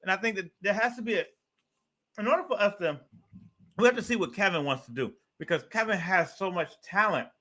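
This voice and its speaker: Sharp, high-voiced man chatting. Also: animated, brisk. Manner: earnest, rambling, repeats words. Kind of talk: casual chat.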